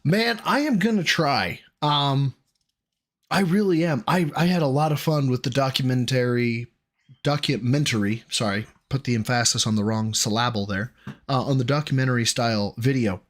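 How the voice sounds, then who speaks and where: A man's voice: mid-range voice, moderate pace, fairly bright tone. A man hosting a live stream, ranting bluntly and swearing, reading out donations between rants. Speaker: streamer host.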